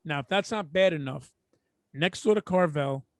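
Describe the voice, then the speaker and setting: A middle-aged man with a New York accent tells a story on a podcast, animated and chatty. His voice sits a little high. The sound is dry and close to the mic. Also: normal speed, dry recording. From Brooklyn, New York. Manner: animated storyteller, mimics people in quotes. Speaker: podcast co-host. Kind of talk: casual storytelling chat.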